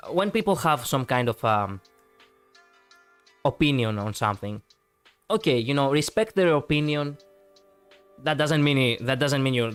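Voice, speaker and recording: A man's voice: mid-range voice, clean tone. A man chatting casually on a live stream, rambling and reacting to viewers with many fillers.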